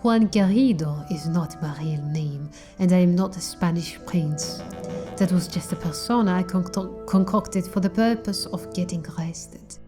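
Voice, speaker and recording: A woman voicing a sly male fox con man in a bird lawyer game, speaking low and hushed. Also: a little fast, few pauses, over music, close to an everyday voice. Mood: smooth, evasive.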